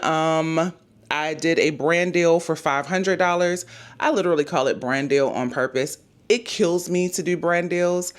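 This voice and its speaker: A woman in her thirties, hoarse from losing her voice, chatting casually through her monthly budget numbers and talking straight to her viewers. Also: low-pitched. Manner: chatty, addresses viewers as "y'all", thinks aloud over numbers. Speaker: budgeting YouTuber.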